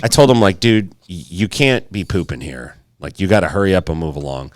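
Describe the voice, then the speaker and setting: A man's voice: low-pitched, lively intonation, fairly quick, dry recording. A man co-hosting a podcast, telling a story in casual chat, swearing freely and acting out the quotes. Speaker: podcast co-host.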